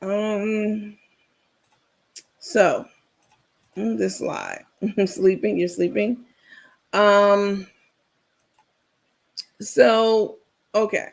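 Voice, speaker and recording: A woman's voice: mid-range voice, drawn-out words, creaky, long pauses. A woman hosting a livestream, chatting casually and digressing as she gossips and talks straight to her viewers. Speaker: livestream host.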